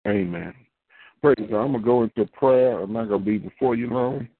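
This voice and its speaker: A man preaches in a loose, repetitive, conversational way that climbs into fervent prayer. His voice sits at a middle pitch. It comes through a dry, tinny, phone-like radio line. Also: a little fast, dry recording. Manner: conversational, repeats phrases, rises into fervent prayer. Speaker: pastor.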